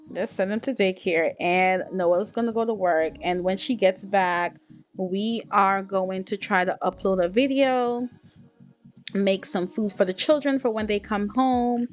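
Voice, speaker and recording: Casting: young woman, playful let's-play narrator, chatty, mid pitch, soft music under her. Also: a little slow. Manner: chatty, playful, addresses viewers as "y'all", laughs often. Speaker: gaming video creator.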